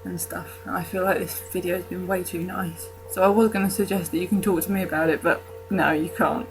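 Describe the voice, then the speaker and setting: A woman's voice: on the low side, fairly even intonation, fast, over music, rough recording. A young woman from the UK talking casually to camera in her vlog, rambling with fillers and restarts and self-mocking jokes. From United Kingdom. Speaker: vlogger.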